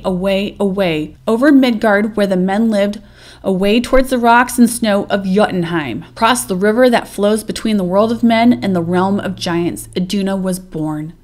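A woman's voice: mid-range voice, darkish tone. Woman reading a myth aloud. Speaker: narrator. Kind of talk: storybook read-aloud narration.

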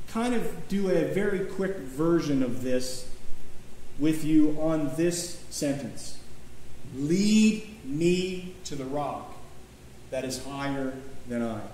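A man's voice: on the high side, darkish tone, a little hiss or hum. A man preaching a sermon as pastor, in a conversational, folksy way with restarts and chuckles. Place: church sanctuary. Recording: very echoey church room, faint ambience.

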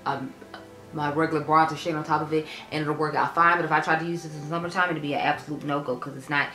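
Woman vlogger, quick blunt product review, low-ish voice, echoey room with faint music behind. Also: steady tone, pushed and bright. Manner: frank, chatty, lots of fillers. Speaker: beauty vlogger.

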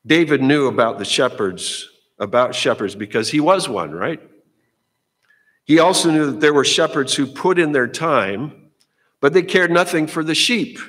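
A man's voice: fairly high pitch, lively intonation, normal speed, fairly bright tone. Middle-aged pastor guy preaching, chatty and folksy, keeps repeating himself, big echoey church hall. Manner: conversational, folksy, repeats words as he goes. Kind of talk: sermon. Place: church sanctuary.

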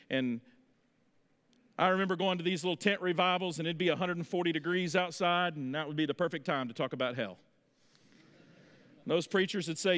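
A man in his thirties preaching a sermon in a church, telling folksy stories with lively energy. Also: high voice, long reverb tail. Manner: folksy storytelling, animated. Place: church sanctuary.

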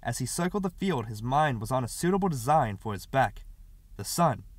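A man narrating a literary short story as an audiobook reader, in a steady, expressive way. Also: mid-range voice, normal speed, no echo.

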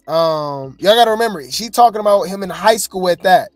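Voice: medium pitch, lively intonation, a little fast, no room sound, faint music behind. A host giving casual gossip commentary, blunt and dismissive, talking to viewers.

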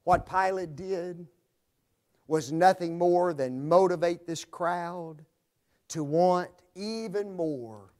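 Male preacher, sermon delivery, slow and deliberate, dramatic swings between loud and hushed. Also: sits high. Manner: addresses the congregation directly.

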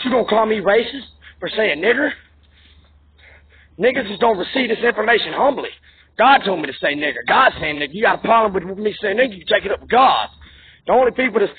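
Agitated high-voiced man, tinny audio. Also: breathy edge. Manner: profane, repetitive, agitated. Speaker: vlogger. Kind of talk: angry political rant. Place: New York. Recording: tinny phone-like audio, faint noise.

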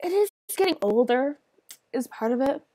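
A young adult woman chatting on a livestream while she plays, soft and halting with many fillers, tearful and sniffly. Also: high-pitched, animated, no room sound. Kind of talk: casual stream chat while gaming.

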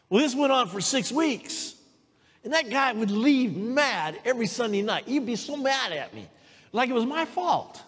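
A woman's voice: a little high, moderate pace, slightly rough. A woman preaches a sermon in a church sanctuary. She tells stories energetically and keeps calling out for amens. Her voice rings with the long reverb of the hall. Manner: lively storytelling, calls for amens.

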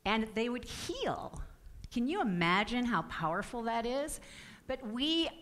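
A woman's voice: a little high, very animated, measured pace, fairly bright tone. A middle-aged woman giving an earnest, personal spiritual talk to a congregation, often breaking off and restarting her sentences. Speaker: guest speaker.

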